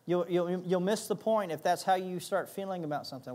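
A man's voice: sits high, fairly quick, few pauses, warm tone, slight background noise. A man pastor preaching a sermon, emphatic, repeating key phrases and acting out little asides.

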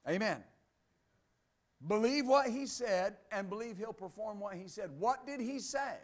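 High-pitched male pastor preaching, reads the scripture then hammers it home, lots of amens. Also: measured pace. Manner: emphatic, repeats "Amen" and "believe that". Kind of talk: sermon.

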